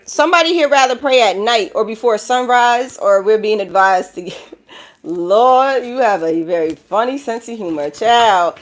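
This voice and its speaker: This tarot reader from the Bronx, New York, has a New York accent and a voice on the high side at normal speed. Giving a collective reading, she's blunt and profane, laughs through her talk, and preaches to viewers, calling them child and baby.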